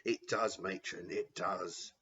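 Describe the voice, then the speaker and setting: A man's voice: low voice, fairly even intonation, slow pace, sharp tone, muffled recording, exaggerated voice. A man voicing a cruel, power-hungry headmaster who boasts gleefully in a storybook reading.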